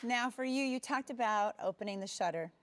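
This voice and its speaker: A woman's voice: a little high, a little fast, over a noisy crowd, heavy background noise. A woman hosting a talk show in front of a live audience, asking guests questions in an engaged, encouraging way. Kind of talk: interviewing guests. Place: stage before a live audience.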